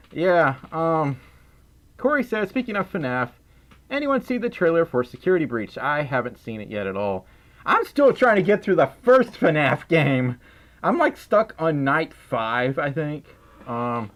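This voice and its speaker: A man from Mississippi with a Southern accent, casually chatting on a livestream and reading out donations, tired, giggly and a little silly. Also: fairly high pitch. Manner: silly and giggly, often trails off and restarts. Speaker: livestream host.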